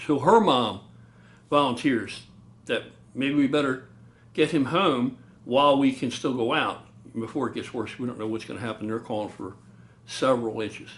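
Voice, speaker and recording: A man casually recounting a true ghost story, animated, acting out loud booms and swearing now and then. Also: moderate pace. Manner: animated, loud booming sound effects, swears.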